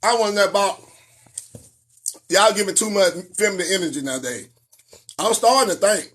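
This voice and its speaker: A man's voice: sits high, a little fast, a bit bright. A middle-aged man, ranting in a preachy and profane live-stream monologue that breaks into sing-song.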